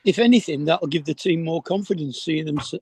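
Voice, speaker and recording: A man's voice: a little high, a little fast, darkish tone, husky. A man on a video call reasoning through a point and chuckling along. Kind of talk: casual chat.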